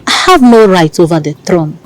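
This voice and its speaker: Playing a devoted young heiress in a film drama, a Nigerian-accented actress reassures her lover with tenderness, slipping into pidgin at times. Her low-ish, expressive voice stays close to everyday speech at a moderate pace. The recording is rough.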